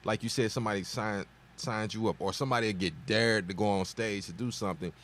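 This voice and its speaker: Deep-voiced radio co-host, thinking aloud. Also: male voice, steady tone, quick pace, fairly bright tone, a little hiss or hum. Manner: thoughtful, restarts mid-sentence. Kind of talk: casual radio talk.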